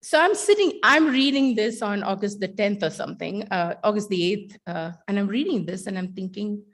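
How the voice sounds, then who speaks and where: A middle-aged woman giving a keynote talk, a teacher telling a story with wry humor and dramatic pauses. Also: medium pitch, lively intonation.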